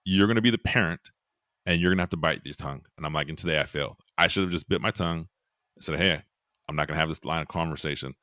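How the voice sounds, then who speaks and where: A man's voice: a bass voice, fast, pushed and bright, no echo, studio quality. A middle-aged man, a podcast guest, earnestly telling a personal story and repeating words as he thinks. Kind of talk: candid storytelling.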